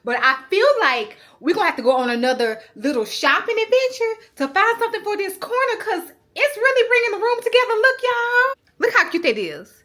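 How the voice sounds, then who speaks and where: A young woman chats to her viewers in a high, bright voice. Her pitch swings widely as she talks, and she speaks. The talk is casual vlog chatter. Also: a little fast, few pauses. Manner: chatty, animated, says "y'all" often. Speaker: lifestyle vlogger.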